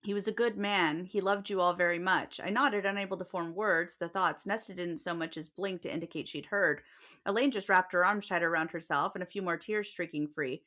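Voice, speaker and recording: A woman's voice: lowish voice, fairly even intonation, a little fast, bright, forceful tone. Woman, podcast co-host, reading aloud from a novel, conversational. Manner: reads passages aloud with brief asides. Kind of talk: casual chat with reading aloud from a book.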